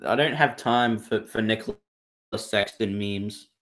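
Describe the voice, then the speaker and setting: A man's voice: lowish voice, unhurried, fairly bright tone. A young Australian man co-hosting a casual podcast chat, rambling with many fillers and restarts. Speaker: podcast co-host.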